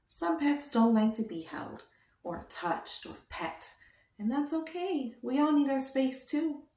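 A woman teaching toddlers, speaking slowly in a sing-song, coaxing way and asking them gentle questions. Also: high voice, lively intonation, creaky, recorded from a distance. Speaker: children's educator. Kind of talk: toddler lesson with sign language. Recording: roomy echo.

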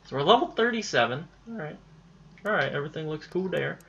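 A man giving casual let's-play commentary during a boss fight, excitable, swearing and yelling at enemies. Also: fairly high pitch, a little fast, creaky, muffled recording. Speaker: gamer playing through a boss fight.

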